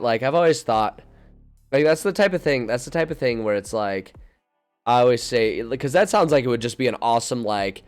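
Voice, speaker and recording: A man chatting casually on a livestream as a game master, rambling and restarting his sentences. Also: medium pitch. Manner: rambling, self-interrupting, laughs often.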